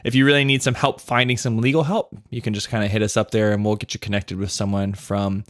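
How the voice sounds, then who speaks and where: A man's voice: fairly low pitch, level tone, fast talker, no echo, studio quality. A man co-hosting a comedy podcast, reading listener questions and steering the chat earnestly. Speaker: podcast co-host.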